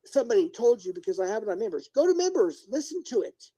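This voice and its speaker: A streamer rants at one person on a live broadcast, talking straight to them and ignoring the chat. The voice is warm and mellow, neither high nor low, but the manner is confrontational: questions come again and again, and the lecturing turns to pleading. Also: expressive, fast talker, husky, highs cut off. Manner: confrontational, scolding, repeats questions. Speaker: livestreamer. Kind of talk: livestream rant addressed to one person.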